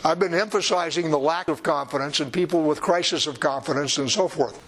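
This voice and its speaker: A man's voice: on the high side, brisk, a bit bright, low-quality recording. A man preaching a sermon in a conversational, emphatic way with wry asides.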